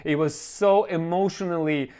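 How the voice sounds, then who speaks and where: A man's voice: a little high, moderate pace, dark tone. Earnest man telling a motivational story. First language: not English. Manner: earnest, emotional, many fillers, addresses viewers as guys. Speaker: online course host.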